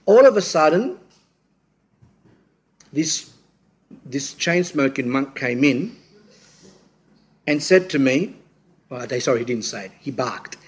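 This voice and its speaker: A man's voice: mid-range voice, very animated, takes it slowly, long pauses, husky. A middle-aged man giving an informal sermon, telling rambling stories and acting out what others said. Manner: rambling storyteller, acts out quotes, frequent restarts. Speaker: speaker at a church talk.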